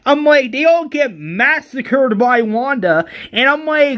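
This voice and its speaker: A man giving a casual, exasperated movie review, animated and full of restarts and hesitations. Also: extremely high pitch, unhurried, few pauses.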